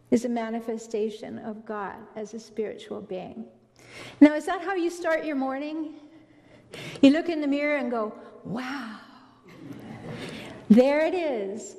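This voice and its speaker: A middle-aged woman giving a spiritual talk on relationships to an audience, telling stories with gentle emphasis. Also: high-pitched. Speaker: relationship speaker. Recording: long hall reverb.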